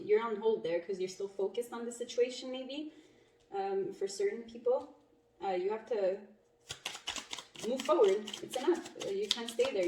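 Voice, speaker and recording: Blunt, profane woman reading tarot. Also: medium pitch. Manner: blunt, profane, chatty, laughing often. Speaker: tarot reader. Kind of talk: casual tarot reading monologue. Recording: echoey room, mic at a distance, faint noise.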